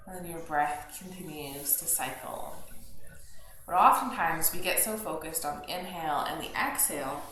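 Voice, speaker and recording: Gentle yoga teacher in an echoey home. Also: female voice, low voice. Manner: gentle, soothing, chatty asides. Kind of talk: guided yoga class instruction. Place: home yoga studio next to kitchen. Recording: very echoey home room with faint household noise. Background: household noise, TV news and dishwasher.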